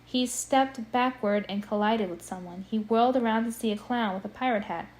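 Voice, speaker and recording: A woman reading a scary story aloud in a casual, expressive way, breaking off to chat. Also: on the high side, normal speed, poor audio. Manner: chatty, expressive, breaks off to comment. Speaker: amateur audiobook reader. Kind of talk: casual read-aloud with commentary.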